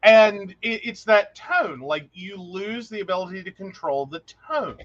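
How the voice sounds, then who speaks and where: A man's voice: sits high, a little slow, dull audio, slight background noise. A man co-hosting a casual podcast chat, telling stories with lots of laughter and acted-out quotes. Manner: animated storyteller, acts out quotes, laughs often. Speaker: podcast co-host.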